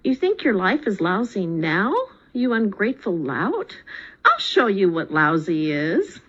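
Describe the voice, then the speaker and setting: A woman voicing the Almighty, a male God who mocks and then rejoices in a told parable, with a booming, mocking manner, in dull lo-fi radio audio. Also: sing-song, measured pace, fairly bright tone, slightly rough, heavily acted. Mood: scornful.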